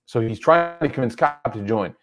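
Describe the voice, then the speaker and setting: A man's voice: mid-range voice, lively intonation, normal speed. A man giving a religious lecture, retelling a story in a loose, conversational way full of "like" and "you know".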